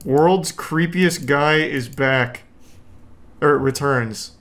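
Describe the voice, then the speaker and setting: Man hosting a reaction video, fairly high voice, casual commentary, incredulous, swears a lot. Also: drawn-out words, a bit bright. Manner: incredulous, profane ranting.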